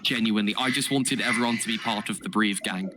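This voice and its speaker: A man's voice: on the low side, fairly quick. Brief: man, casual gamer voice chat, stammers, playful, noisy line. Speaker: event organizer on a game server.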